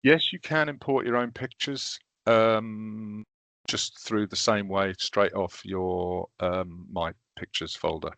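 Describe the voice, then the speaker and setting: A man leading a recorded training session, walking through teaching software step by step in a casual, self-deprecating way. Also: fairly low pitch, steady tone, slow, gravelly, no room sound.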